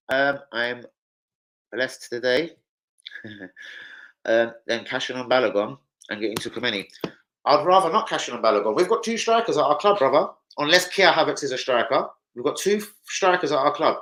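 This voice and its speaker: A man hosting a casual football livestream, rambling, swearing and giving shout-outs to viewers. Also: medium pitch, rough recording. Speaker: football channel host.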